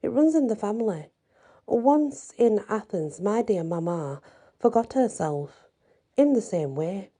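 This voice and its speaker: A woman's voice: mid-range voice, unhurried. A woman doing Chesme, a fussy ex-cat young lady. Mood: proud. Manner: tearful, then proud and excited. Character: emotional young lady who was once a cat.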